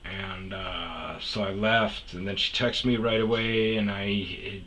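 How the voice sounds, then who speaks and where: Heated man ranting with bright edge. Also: fairly low pitch, steady tone, measured pace, slight background noise, low-quality recording. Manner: swears often, restarts sentences, gets heated. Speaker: podcast host. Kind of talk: profane storytelling rant.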